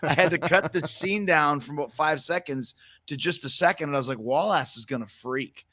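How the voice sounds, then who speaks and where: A Canadian man hosting a podcast, rambling through stories with casual swearing. His voice sits a bit high and sounds dry and close. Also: fairly quick, sharp tone, no echo. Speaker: podcast host. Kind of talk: casual chat.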